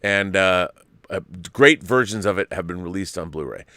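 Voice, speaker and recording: A man in his fifties hosting a casual podcast chat, telling stories in an animated, profane way. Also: low voice, normal speed, dry recording, clean studio sound. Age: 50s. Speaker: show host.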